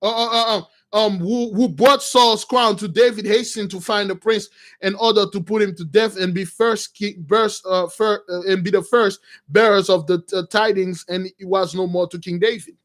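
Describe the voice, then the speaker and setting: A man preaching, retelling a Bible story in loose slangy talk and acting out the characters with shouts and laughs. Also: sits high, fairly even intonation, normal speed.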